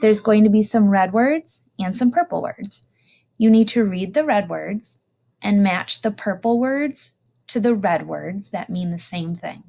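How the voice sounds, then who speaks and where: A woman teacher records a lesson for young children. She talks slowly, with a gravelly edge of vocal fry. She stresses and repeats each new word and greets it with delighted exclamations. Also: mid-range voice, animated, warm tone. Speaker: elementary school teacher.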